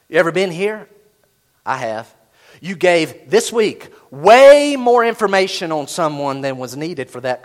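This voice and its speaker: A pastor preaching to his congregation in a fairly high voice that rises and falls constantly. He swings between near-shouted emphasis and quiet asides, and he acts out the inner voices of his listeners. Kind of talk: sermon.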